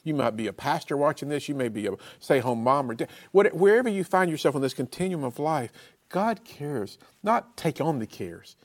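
A man hosts a faith talk show with a lively, rising and falling voice that slips into preaching. He affirms his guest warmly, then turns to address the viewers directly with sermon-like emphasis. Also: a little high, moderate pace. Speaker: host of a Christian talk show. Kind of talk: preaching-style interview talk.

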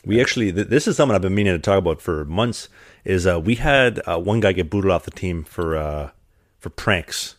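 A young man telling stories in a relaxed, rambling way during a casual chat, laughing along with his own tales. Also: low voice, a little fast, dry recording, studio quality. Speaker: podcast host, hockey player.

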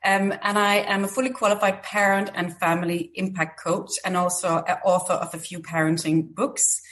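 A woman's voice: fairly low pitch, level tone, moderate pace, a bit bright. A woman from Denmark with a Danish accent touched with Irish, speaking as a friendly podcast guest. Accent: Danish, with a slight Irish touch. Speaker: podcast guest, parenting coach. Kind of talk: casual conversation.

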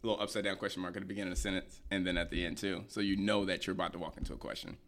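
A young man co-hosting a casual chat, teasing and joking in lively banter. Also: sits low, racing.

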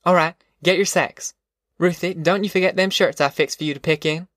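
A man voicing a brisk, commanding farm mother. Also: high voice, fairly even intonation, fairly bright tone, no room sound, clean studio sound, pitched above the performer's own voice. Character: weary, determined migrant farm mother.

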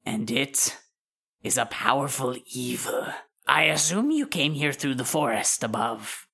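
A woman voicing an ancient elemental being who speaks formally and gravely in a tabletop game. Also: a bass voice, big pitch swings, measured pace, fairly bright tone, heavily acted. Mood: solemn. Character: ancient elemental being, male, grand and solemn.

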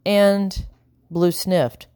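A woman narrating a children's novel in an even, measured reading voice. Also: lowish voice, clean tone, no room sound, clean studio sound. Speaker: audiobook narrator. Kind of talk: storybook narration.

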